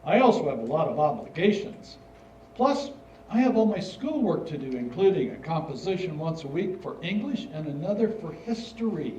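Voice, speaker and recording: A man's voice: fairly high pitch, sing-song, normal speed, a little mellow, far from the mic, slight background noise. An older man in a staged reading, playing an earnest, slightly formal schoolboy writing letters. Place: stage in a hall. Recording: dull, roomy hall recording from afar.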